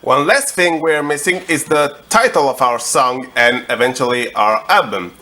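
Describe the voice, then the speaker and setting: A young man hosting a comedic music tutorial, explaining every step in a slow, deadpan way. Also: medium pitch.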